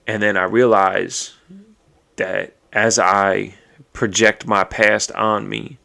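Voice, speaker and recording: Gravel-voiced man in a raw podcast monologue. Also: on the low side, little pitch movement, slow pace, sharp tone. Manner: raw, emotional and profane, thinking aloud. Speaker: podcast host. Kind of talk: personal monologue.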